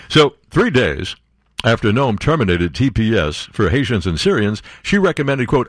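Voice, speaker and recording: A man's voice: mid-range voice, sing-song, normal speed, no room sound, studio quality. A man hosting a talk radio show, delivering an opinionated monologue in a sarcastic, incredulous way.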